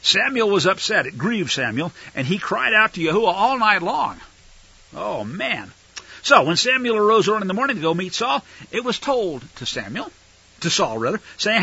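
High-voiced wry preacher. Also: male voice, big pitch swings, fairly quick, sharp tone, breathy edge, no room sound. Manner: chatty, wry asides to the audience. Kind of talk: casual Bible teaching. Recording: dull lo-fi recording.

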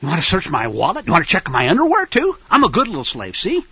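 A man's voice: fairly high pitch, huge pitch swings, fast talker, bright, forceful tone, breathy edge, no echo, lo-fi sound, exaggerated voice. Brief: servile, obedient man, put on by a male speaker, simpering and dry-sounding. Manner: mocking, simpering. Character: meek, submissive man obeying authorities.

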